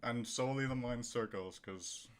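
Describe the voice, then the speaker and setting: A man's voice: mid-range voice, moderate pace. A young man streaming a game live, stammering and exclaiming in disbelief after finishing a hard level. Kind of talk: live-stream reaction commentary.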